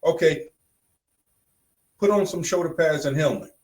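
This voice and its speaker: A man's voice: a little high, measured pace, darkish tone, low-quality recording. A man co-hosting a podcast in casual chat, blunt and emphatic, repeating phrases for punch. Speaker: podcast co-host.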